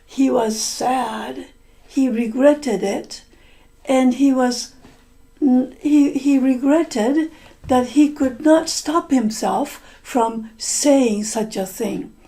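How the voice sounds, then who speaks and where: A storyteller and English teacher with a high, mellow voice tells a folk tale to English learners, drawing out her words. As she goes, she repeats and rephrases lines and explains vocabulary.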